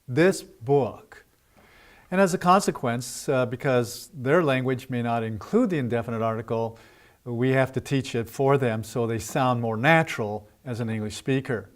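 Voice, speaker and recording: A man giving a teacher-training lesson, speaking in a loose, conversational way with "uh" fillers and modeling drill phrases slowly and deliberately. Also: mid-range voice. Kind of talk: instructional talk to teachers.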